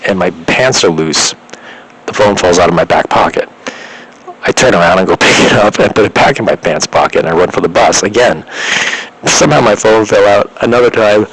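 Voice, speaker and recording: Husky-voiced man rambling a story. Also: deep voice, a bit bright, poor audio. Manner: stammering restarts, lots of filler words. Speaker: vlogger.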